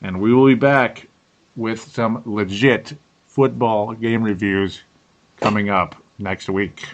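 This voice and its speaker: A man's voice: lowish voice, steady tone, slow, lo-fi sound. A middle-aged man hosting a casual sports podcast, tired and rambling, laughing often and repeating words. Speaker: podcast host.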